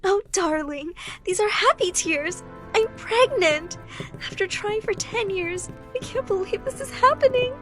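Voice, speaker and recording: A woman's voice: high voice, a little slow, few pauses. A woman voicing a doting mother who gushes with happy tears, over faint music. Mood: overjoyed. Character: overjoyed mother, doting and tearful.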